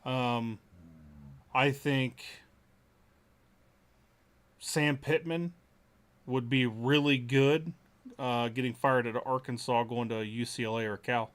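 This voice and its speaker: A man's voice: mid-range voice, steady tone, takes it slowly, long pauses. Man, co-host, casual football chat, hedging, thinking aloud, restarts mid-sentence.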